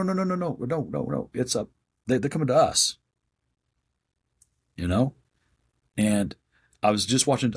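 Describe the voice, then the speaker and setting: Husky, emphatic man telling a story. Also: lowish voice. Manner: emphatic, blunt convictions, acts out quoted voices. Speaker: guest working in a psychiatric hospital. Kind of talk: conversational storytelling.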